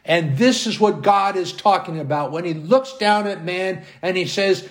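A man's voice: high voice, normal speed, hardly any pauses. A man preaching a sermon at home, reading scripture aloud and asking emphatic rhetorical questions. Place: at home with his dogs.

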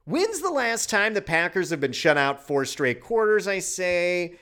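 A man's voice: high voice, very animated, unhurried, bright, forceful tone, clean tone. A man from Wisconsin hosting a casual sports podcast, ranting in an exasperated, profane way. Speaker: podcast host.

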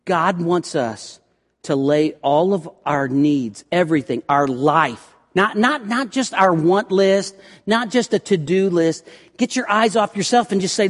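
A man's voice: high voice, expressive, unhurried. Impassioned preacher man in a reverberant hall. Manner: impassioned, rising to loud prayerful pleas then dropping to hushed tones; repeats words when restarting. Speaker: pastor. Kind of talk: sermon.

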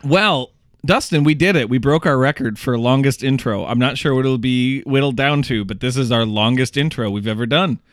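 A man's voice: mid-range voice, normal speed, no room sound, clean studio sound. A young adult man hosting a casual movie-review podcast, laughing often and swearing casually. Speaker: podcast host.

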